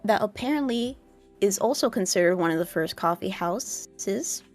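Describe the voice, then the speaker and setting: A woman's voice: mid-range voice, lively intonation, normal speed, faint music behind. Playful young woman reading fun facts. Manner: reads facts aloud, wry and playful. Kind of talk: casual podcast chat.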